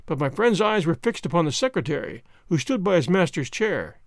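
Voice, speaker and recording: A man narrates an audiobook with a fairly high voice and animated, lively intonation. His tone carries a gravelly texture, and the recording is dry and close. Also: a little fast, few pauses, no echo.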